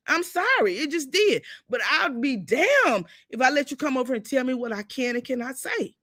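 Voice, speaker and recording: Defiant older woman, lively and blunt. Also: high voice, no echo, clean studio sound. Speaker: livestream host. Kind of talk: heated livestream talk.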